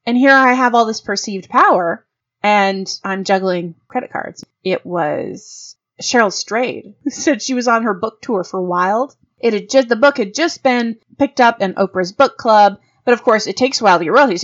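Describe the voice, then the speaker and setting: A woman in her forties hosts a casual monologue podcast. She is blunt and profane, and she voices the people in her stories with sudden high-pitched swings. The recording sounds slightly dull and lo-fi. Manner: frank, profane, animated storytelling with big voice swings for quoted reactions. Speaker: podcast host.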